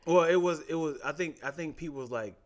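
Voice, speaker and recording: A man's voice: on the high side, fast talker. A man co-hosting a casual podcast, asking questions in a laid-back way. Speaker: podcast co-host. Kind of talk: casual chat.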